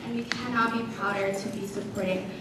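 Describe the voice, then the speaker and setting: A woman's voice: medium pitch, fairly even intonation, brisk. A woman from a student group, giving a short, upbeat speech. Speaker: student organization member. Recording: echoey room from far off, crowd and noise.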